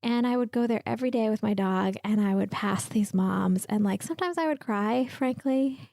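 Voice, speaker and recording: A woman's voice: medium pitch, normal speed, vocal fry, hardly any pauses, dark tone, dry recording. A woman in her thirties hosting a podcast, sharing a personal reflection in a candid, heartfelt way. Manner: emotional, tearful at times, candid. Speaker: podcast host.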